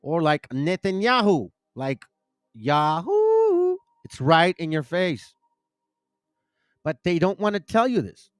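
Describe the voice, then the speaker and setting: A man's voice: on the high side, lively intonation, a little slow, dry recording. Man teaching scripture in a dry, close sound. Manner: rambling, self-correcting, stumbles over names. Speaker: bible teaching channel host. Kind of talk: casual religious teaching and scripture reading.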